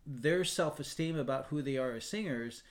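Man, choir founder, storytelling, animated, quotes people vividly, middle pitch. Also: normal speed. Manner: animated storyteller, quotes others in lively voices. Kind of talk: storytelling in a casual podcast chat.

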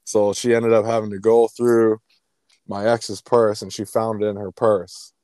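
A man's voice: on the low side, little pitch movement, measured pace, mellow, clear, resonant tone, dry recording. A young man in casual chat, telling about a past relationship in an earnest, profane way.

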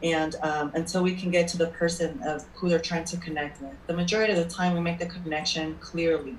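A woman's voice: sits low, steady tone, a little fast, a little hiss or hum. Chatty woman medium, distant roomy mic. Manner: chatty anecdotal storyteller, checks in with "okay?". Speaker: spirit medium. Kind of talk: casual interview storytelling.

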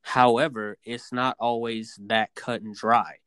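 Emphatic, animated podcast man. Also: mid-range voice, unhurried, clean tone, no room sound. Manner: animated, emphatic, repeats himself when starting. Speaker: podcast co-host. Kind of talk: casual debate chat.

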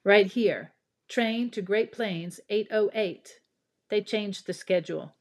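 A woman's voice: medium pitch, slow pace, voice pushed up. A woman reading a polite train conductor.

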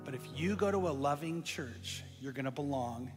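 A man's voice: fairly high pitch, animated, normal speed, long reverb tail, music in the background, pitched below the performer's own voice, close to an everyday voice. A man voicing a shy, grateful young woman in a sermon story. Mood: earnest.

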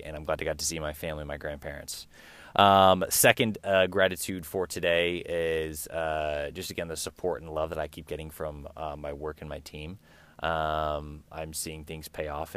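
A young man in his twenties hosting a solo podcast, talking in a relaxed, rambling way with lots of ums and uhs. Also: extremely low pitch, clean tone, no room sound. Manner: relaxed, rambling, many fillers. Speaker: podcast host. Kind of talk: casual solo podcast talk.

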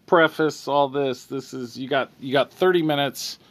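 A man's voice: mid-range voice, normal speed, no echo, natural voice. A man doing a bored parole officer. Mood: businesslike. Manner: procedural, stating things for the record. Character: weary male parole officer.

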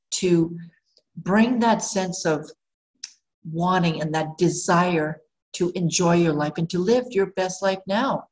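A woman's voice: fairly low pitch, a little mellow, poor audio. A woman life coach talking casually and encouragingly to her viewers in a motivational vlog. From Canada. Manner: upbeat, encouraging, talks straight to the viewer.

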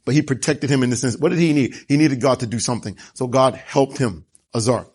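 A man's voice: mid-range voice, a little fast, darkish tone, husky. A man preaching a sermon, telling the story with animation and asking rhetorical questions. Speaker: pastor.

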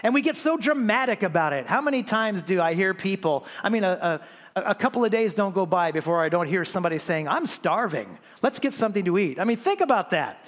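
A man preaching a sermon as pastor, animated, with many restarts and rhetorical questions to the congregation. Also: sits high, fast talker, long reverb tail.

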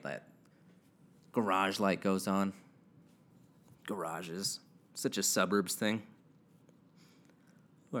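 A young man with a fairly low voice rambles through a casual solo podcast at home. He jokes at his own expense, swears freely, and drifts from topic to topic. He talks close into a home podcast mic with the gain turned up. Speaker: podcast host. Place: house alone with his dog.

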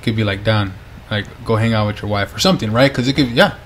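A man's voice: lowish voice, fast, slight background noise. A man hosting a casual faith podcast, laid-back and joking, often asking "you know what I mean". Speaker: podcast host.

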